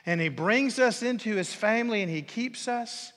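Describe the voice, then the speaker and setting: A man preaching a sermon as a pastor in a church, swinging between loud declarations and hushed whispers. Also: high-pitched, animated, normal speed. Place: church sanctuary. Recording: long reverb of a large hall.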